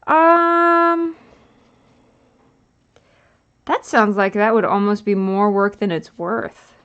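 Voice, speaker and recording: A tired woman livestreaming as she inks a drawing, chatting in a rambling, relaxed way with lots of filler words. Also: mid-range voice, moderate pace, clear, resonant tone. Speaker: livestreaming artist. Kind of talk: casual chat while inking a drawing. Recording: dull lo-fi sound.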